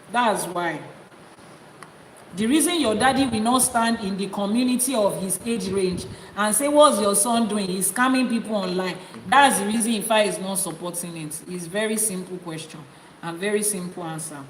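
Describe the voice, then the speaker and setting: Scolding Nigerian priestess in an echoey room. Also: female voice, mid-range voice. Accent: Nigerian, Yoruba. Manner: scolding and forthright, switching between English and Yoruba. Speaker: Ifa priestess and teacher. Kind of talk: live-streamed teaching, answering viewers' comments. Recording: roomy echo with long reverb, faint noise.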